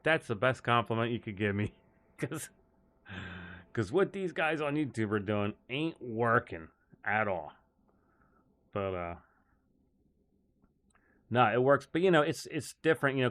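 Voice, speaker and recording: A man's voice: mid-range voice, fairly bright tone. A man hosting a live golf stream, telling stories in a loose, rambling way and laughing often. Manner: rambling storyteller, many restarts and laughs. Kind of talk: casual live-stream chat.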